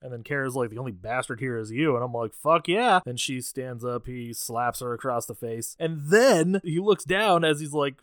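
A man's voice: medium pitch, normal speed, few pauses, no room sound, studio quality. A man co-hosting a podcast, recapping a horror movie in casual chat, sarcastic and swearing, acting out characters as he goes. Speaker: podcast co-host.

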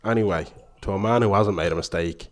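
An Irish man co-hosts a chat podcast with a voice on the lower side. He talks bluntly and trades banter freely with his co-host. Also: fast talker. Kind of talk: casual chat.

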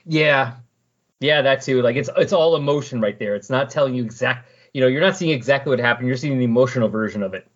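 A man's voice: mid-range voice, fast, muffled recording. A man hosting a podcast, recapping comic book scenes in casual chat and animatedly acting out the characters' lines. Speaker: podcast host.

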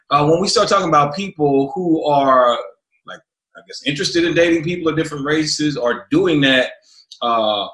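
A man hosting a panel talk show, introducing guests and asking questions in a measured way with many fillers. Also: medium pitch, a bit bright, echoey room.

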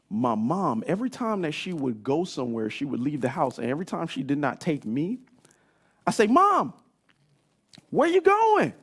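A man in his thirties preaching a sermon, telling stories in an animated way that climbs into shouts. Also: on the high side, breathy edge. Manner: animated storytelling, rising to shouts. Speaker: pastor.

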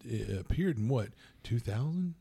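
A man co-hosting a podcast in casual, rambling chat, getting animated when he acts out quotes. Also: medium pitch, normal speed, vocal fry, slightly rough. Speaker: podcast co-host.

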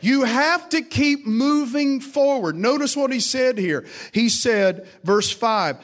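A man's voice: very high-pitched, takes it slowly, hardly any pauses. A man preaching a sermon to a live congregation, emphatic and repetitive, calling on the listeners to respond. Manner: emphatic, repeats lines, calls for congregation responses. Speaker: pastor. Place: church service with congregation.

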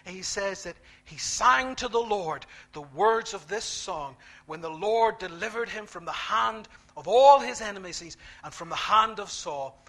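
A man preaching a sermon, emphatic, repeating key phrases and swinging between quiet, slow lines and loud ones. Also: high-pitched, lively intonation.

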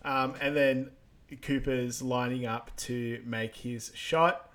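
A man co-hosting a movie rewatch podcast, calmly recapping the plot with frequent ums and small laughs. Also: mid-range voice, slow. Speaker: podcast co-host. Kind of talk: casual movie rewatch chat.

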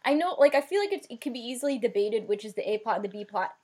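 High, husky woman venting on a podcast. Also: animated, fast, darkish tone. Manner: emphatic, swears freely, laughs often. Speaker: podcast co-host. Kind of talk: casual chat recapping a TV show.

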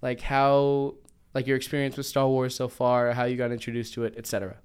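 A man's voice: medium pitch, completely flat delivery, a little fast, darkish tone, smooth. A man hosting a casual podcast chat, joking and rambling with restarts. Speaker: podcast host.

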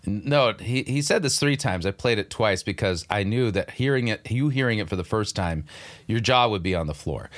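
A man's voice: lowish voice, lively intonation, moderate pace. An older man hosting a commentary show, talking through clips with sardonic, incredulous critique. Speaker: show host.

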